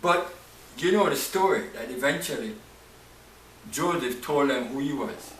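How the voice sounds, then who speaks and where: A man's voice: mid-range voice, a little slow, distant mic. Brief: male preacher, storytelling sermon, roomy sound with faint hiss. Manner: expressive storytelling, acts out emotions.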